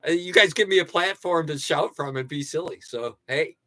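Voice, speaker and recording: An older man hosting a casual livestream, ranting and joking with sudden loud outbursts. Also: fairly high pitch, normal speed, dry recording. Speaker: livestream host. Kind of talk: casual livestream rant and sign-off.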